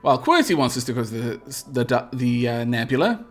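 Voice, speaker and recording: A man's voice: high voice, big pitch swings, fairly quick, few pauses, soft background music. A man streaming a space game live, reading event text aloud theatrically and answering chat in polite, formal phrasing.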